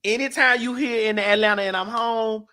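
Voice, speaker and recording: A woman's voice: on the high side, steady tone, moderate pace, pushed and bright. A woman hosting a morning talk show, brassy and teasing, who keeps calling people honey. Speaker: host. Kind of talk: casual chat.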